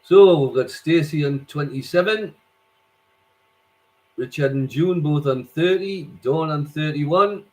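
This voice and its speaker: A man hosting a quiz, reading out scores and questions slowly and repeating each question. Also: a little high, a little mellow, poor audio. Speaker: quiz host.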